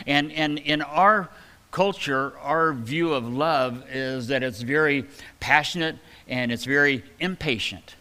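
Male preacher, folksy and rambling, bright forward tone, reads verses with emphasis. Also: medium pitch, slow, in a large hall. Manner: folksy, rambling with many fillers and restarts; reads scripture aloud with emphasis. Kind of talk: conversational sermon.

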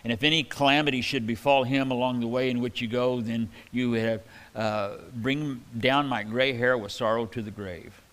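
A man preaching a sermon in a relaxed, conversational way, reading scripture aloud and adding casual asides. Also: mid-range voice, normal speed. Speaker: pastor. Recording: hall reverb.

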